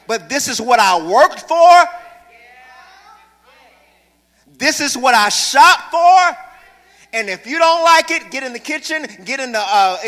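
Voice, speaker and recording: A man's voice: very high-pitched, bright, forceful tone, in a large hall, voice pushed up, heavily acted. A man playing a stern mother laying down the law, speaking in an emphatic, scolding way.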